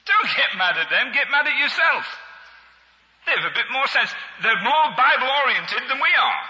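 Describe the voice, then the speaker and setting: A man's voice: very high voice, normal speed, in a large hall, lo-fi sound. A man preaching a sermon with humor, chuckling and talking to his congregation. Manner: humorous, animated, chuckling asides.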